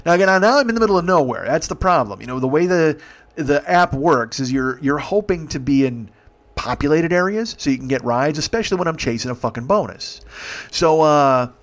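A man's voice: on the high side, lively intonation, fairly quick. A man telling a rambling comic story about his rideshare driving, swearing freely and acting out the dialogue. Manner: rambling, profane, acts out dialogue. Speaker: podcast host, rideshare driver.

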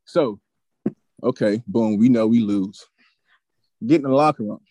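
A young man casually telling a story as a podcast guest, animated and full of profanity. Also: on the low side, a little slow, no room sound.

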